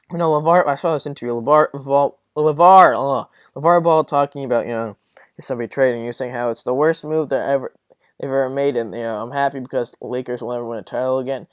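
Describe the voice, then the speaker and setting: A man's voice: mid-range voice, brisk, clear, resonant tone, no room sound, studio quality. A young man hosting a casual solo sports podcast, rambling and swearing as he rants. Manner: rambling, profane, exasperated. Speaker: podcast host.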